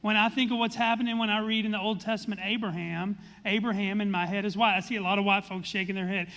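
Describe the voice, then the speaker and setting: A man's voice: high voice, fairly even intonation, quick pace, pushed and bright, in a large hall. A man, a pastor, preaching and then leading a panel discussion in an earnest, conversational way. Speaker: pastor hosting a church discussion. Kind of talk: sermon and moderated panel.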